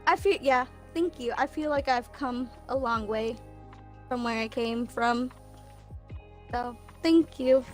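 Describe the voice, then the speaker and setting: A woman's voice: a little high, slow pace, soft background music. A young woman speaking candidly as a guest on a casual livestream, laughing often and a bit emotional. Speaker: guest, best friend of host.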